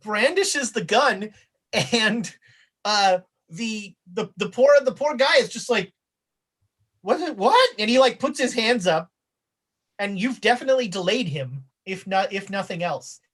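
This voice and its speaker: Halting casual woman game master. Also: mid-range voice, animated, breathy edge. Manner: casual, halting narration with many fillers. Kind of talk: narrating a tabletop game.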